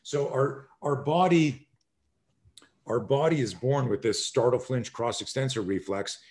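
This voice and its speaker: An energetic man in his sixties, talking as a podcast guest at an ordinary mid-range pitch. He rambles through emphatic explanations and acts out little scenes, jumping into sudden shouted lines and swearing freely. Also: a little slow. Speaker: self-defense instructor, podcast guest. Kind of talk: animated conversational storytelling.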